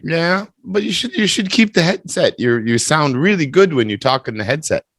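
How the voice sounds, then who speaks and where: A man's voice: fairly high pitch, big pitch swings, normal speed, fairly bright tone, no echo. A man teaching English over a video call, teasing his student in a chatty, playful way before running a speaking test.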